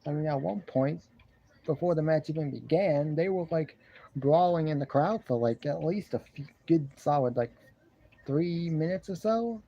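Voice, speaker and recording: A man casually reviewing a wrestling show from his love seat at home, rambling and repeating himself while he clears a congested throat. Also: a little high, normal speed, lo-fi sound. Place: living room at home, seated on a love seat. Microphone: camera in front of him.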